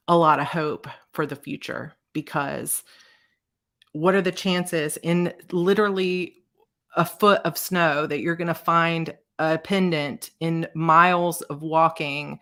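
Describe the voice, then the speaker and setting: A woman host in her thirties telling a personal story in a casual chat, emotional and close to tears, with halting restarts. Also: low-pitched, a bit bright. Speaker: author and video host.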